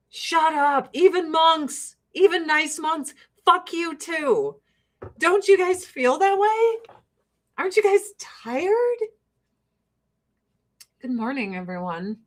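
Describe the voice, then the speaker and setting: A woman in her forties with a notably high voice, ranting to her livestream viewers. She swears freely and turns heated and sarcastic. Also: animated, slow pace, long pauses.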